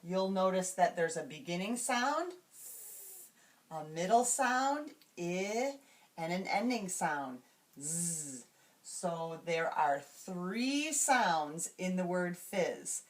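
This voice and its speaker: A woman explaining classroom reading routines to teachers, slowly and carefully, and modeling each word sound by sound. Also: on the low side, sing-song. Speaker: teacher trainer.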